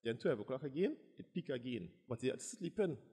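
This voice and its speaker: A Trinidadian man, a bodybuilder guest, telling stories in an animated, casual way and acting out what others said. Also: mid-range voice, a little fast, breathy edge, long reverb tail. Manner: animated, acts out quotes. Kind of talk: casual storytelling.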